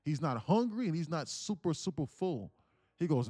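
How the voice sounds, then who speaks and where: A man streaming live, casually teaching trading through an animated story, with many fillers and frequent laughter. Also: fairly high pitch, normal speed, no room sound, studio quality.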